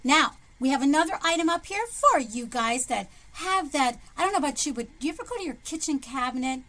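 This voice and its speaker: A woman presenting shopping deals in a chatty, excitable vlog, her voice jumping up when she hypes a sale. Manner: chatty and excitable, jumps in pitch to hype sales. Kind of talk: enthusiastic product showcase vlog. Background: background music.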